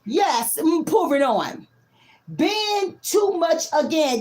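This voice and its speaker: Blunt, high-voiced woman tarot reader. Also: lively intonation, darkish tone. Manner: blunt, profane, preachy; emphatic, drawn-out stresses. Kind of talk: casual collective tarot reading.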